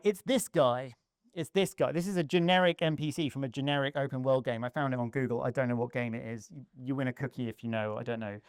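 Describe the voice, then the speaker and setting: A man giving a conference talk on stage, lively and humorous, acting out little scenes as he explains. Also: on the high side, no echo, studio quality. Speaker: conference speaker.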